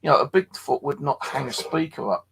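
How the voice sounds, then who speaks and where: Gravelly, husky man, tired. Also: medium pitch, brisk, a bit bright, low-quality recording. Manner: rambling, swears freely, chats to viewers. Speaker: paranormal live streamer. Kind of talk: casual late-night live stream chat. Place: his flat at night.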